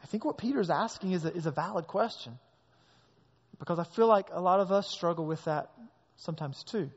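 A man's voice: high voice, animated, brisk, husky. A man preaching a sermon as pastor, leaning hard on key words, recorded in a large hall with a long echo and a dull sound.

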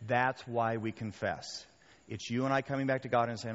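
A male pastor preaching a sermon in a conversational, animated way, often checking in with the crowd. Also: mid-range voice, normal speed. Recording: reverberant hall, dull muffled sound.

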